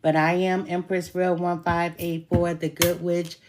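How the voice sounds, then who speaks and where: Lady tarot reader just chatting to the camera, kinda low voice, laughs a lot and swears some. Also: flat delivery, measured pace, noisy background. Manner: chatty, laughing, swears while telling stories. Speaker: tarot reader calling herself a good witch. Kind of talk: casual talk to camera.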